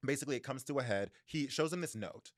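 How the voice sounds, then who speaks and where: A young American man co-hosting a book podcast, animated and laughing often as he retells the plot. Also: medium pitch, fast talker, no echo, clean studio sound. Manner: animated, laughs often, acts out characters loosely in his own voice. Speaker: podcast co-host. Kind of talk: casual book discussion.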